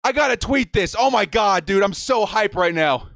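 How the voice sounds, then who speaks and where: A man hosting a live-stream watch party, over-excited, shouting and repeating himself, breathless and shaking with excitement. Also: high-pitched, moderate pace, creaky, no room sound, clean studio sound.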